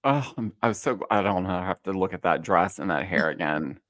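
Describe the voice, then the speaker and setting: A man guesting on a casual chat, recapping a reality show in an animated, catty, emphatic way. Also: low voice, a little fast, no room sound. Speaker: guest co-host.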